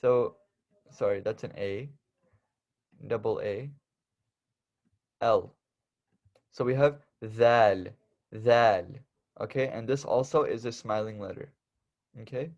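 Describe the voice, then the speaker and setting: A man's voice: mid-range voice, slow, pauses often, darkish tone, dull audio. A young man teaching the Arabic alphabet in a casual lesson, patiently repeating and stressing each letter sound.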